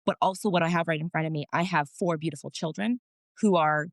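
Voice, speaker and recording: A woman's voice: low voice, fast, no echo, clean studio sound. A woman guest on a podcast, telling family stories frankly and with feeling, now and then swearing mildly. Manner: emotional storytelling, frank with mild swearing. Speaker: podcast guest, wellness practitioner. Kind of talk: casual interview chat.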